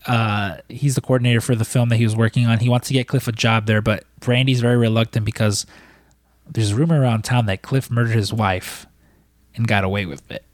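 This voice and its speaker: A man's voice: mid-range voice, steady tone, a little fast, no echo, studio quality. A man casually recapping a film plot in a chat, with lots of fillers and restarts. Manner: rambling, many fillers and restarts.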